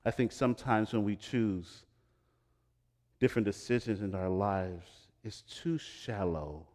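A middle-aged male pastor preaching a sermon, swinging between loud emphatic lines and hushed quiet ones. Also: fairly low pitch, measured pace.

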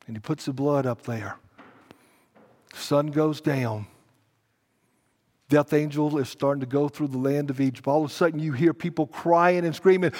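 A middle-aged man, a pastor preaching a sermon, telling a story dramatically and swinging between hushed and loud. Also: a little high, normal speed. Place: church sanctuary. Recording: long church hall reverb.

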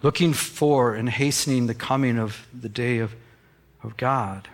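A man preaching a sermon, telling stories with lively acted-out bits and sound effects, and dropping to a softer, lower voice in quiet passages. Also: unhurried. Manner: animated storytelling, acting out scenes with sound effects. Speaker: pastor.

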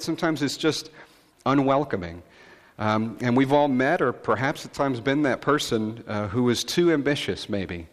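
A male pastor preaching a conversational sermon, telling stories in a relaxed way with frequent fillers and asides. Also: medium pitch, big-room sound.

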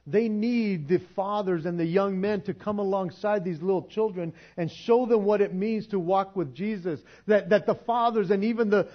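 In a dull, lo-fi recording, a man preaches a sermon at church in a casual, conversational way. As the pastor, he speaks with a slightly high voice, laughing along the way while tripping over and restarting his words.

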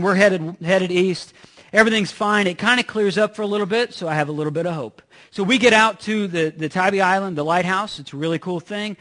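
A man's voice: sits high, a bit bright. A man preaching a sermon in a conversational way, telling a personal story with joking asides. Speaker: pastor.

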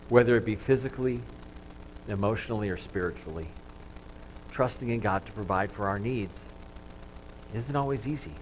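A man preaching a sermon as pastor in a church, talking in a conversational, self-deprecating way and dropping to a soft hush at times. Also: fairly low pitch, a little hiss or hum, poor audio. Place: church sanctuary with congregation.

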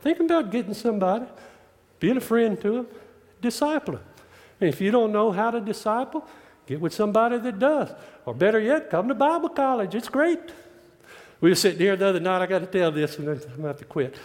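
A man's voice: sits high, very animated, fairly quick. A man preaching a sermon, folksy and joking, drawing out his emphatic lines. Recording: long hall reverb.

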